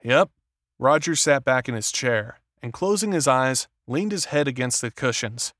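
Male narrator, measured thriller reading, medium pitch, dead-dry recording. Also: animated, fairly bright tone, no room sound. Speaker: audiobook narrator. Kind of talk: scripted narration.

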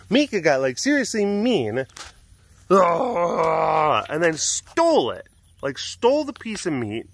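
A man hosting a casual vlog outdoors at a big cat sanctuary, telling stories in a relaxed way with laughs and cooing softly to the animals. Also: fairly high pitch, no echo.

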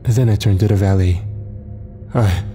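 A man tells a horror story in a tense, suspenseful scripted narration. His voice sits low with a dark, mellow tone, and quiet music plays faintly underneath. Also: steady tone, moderate pace.

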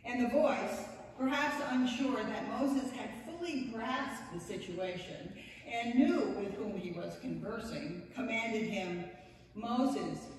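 A woman's voice: fairly high pitch, takes it slowly, a little hiss or hum. A woman pastor giving a sermon, telling a story with wry, playful asides. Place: church sanctuary. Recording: echoey church hall, distant mic.

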